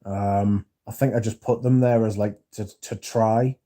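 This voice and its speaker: A man's voice: fairly low pitch, steady tone, a little slow, warm tone. A man hosting a casual livestream, reading viewer comments aloud and swearing freely as he chats. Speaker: livestream host reading chat. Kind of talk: casual livestream chat about perfume.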